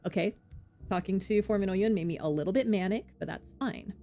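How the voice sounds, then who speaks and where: A woman streamer commenting on a game in a casual, excitable way, exclaiming and swearing. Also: medium pitch, a little fast. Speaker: vtuber streamer.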